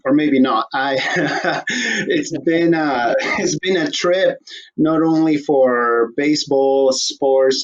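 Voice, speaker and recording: Joking male host, dull lo-fi sound. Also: medium pitch. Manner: irreverent, joking, swears casually. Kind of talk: casual joking interview.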